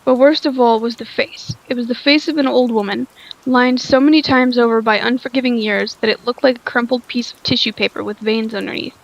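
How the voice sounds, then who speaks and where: A woman's voice: fairly high pitch, fairly even intonation, fairly quick, gravelly, highs cut off. A woman reading a story aloud, sounding tired, stumbling over lines and rereading them. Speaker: story reader.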